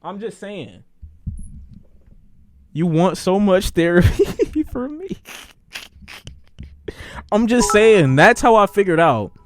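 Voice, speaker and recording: A man streaming a casual storytime, animated and profane, repeating phrases for emphasis. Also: high voice, takes it slowly, long pauses.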